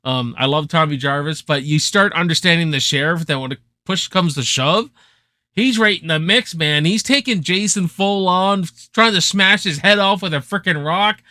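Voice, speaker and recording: A young man giving a casual, excited film review, swearing freely and packed with slang. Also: fairly high pitch, normal speed, no room sound. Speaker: movie reviewer.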